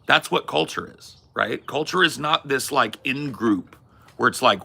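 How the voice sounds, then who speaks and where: A man's voice: mid-range voice, measured pace, vocal fry, bright, forceful tone, breathy edge. A man hosting a talk podcast, arguing his opinions emphatically with casual swearing. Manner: emphatic, swears, acts out quoted voices. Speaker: podcast host.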